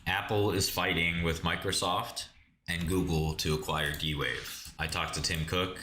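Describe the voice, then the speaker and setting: A man's voice: deep voice, steady tone, unhurried, bright, forceful tone, a little hiss or hum. A man hosting a casual livestream, mocking chat with sarcastic riffs and bursts of laughter. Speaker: livestream host.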